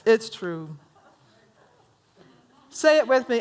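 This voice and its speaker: A woman from rural North Carolina leads a workshop in her Southern drawl. Her voice sits a touch high. She teaches conversationally, stops to check in with the room and teases her listeners. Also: animated, slow pace, pauses often. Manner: conversational, teasing the audience, asks them questions. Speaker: minister leading a workshop.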